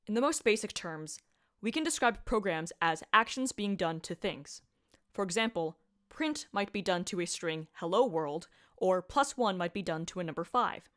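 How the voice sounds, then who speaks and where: A woman's voice: mid-range voice, lively intonation, normal speed, fairly bright tone. A woman lecturing on programming in a scripted voice-over, upbeat and playful with punchy asides. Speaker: computer science lecturer.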